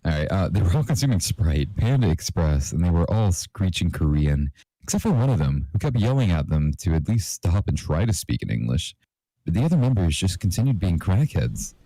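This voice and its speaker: Deep-voiced young man reading fan fiction. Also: moderate pace, no echo, poor audio. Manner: reads deadpan, with playful put-on character lines.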